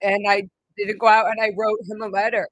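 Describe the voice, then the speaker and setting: Speaking at a slightly fast clip, this vlog host has a mid-range, level-toned voice. She rambles emotionally through a personal story, often restarting and using fillers, in a rough recording without room sound.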